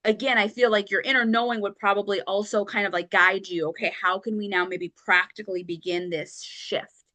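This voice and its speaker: A woman's voice: mid-range voice, steady tone, a little fast, pushed and bright. A woman hosting a podcast, interviewing her guest in an affirming, enthusiastic way. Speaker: podcast host. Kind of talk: conversational interview.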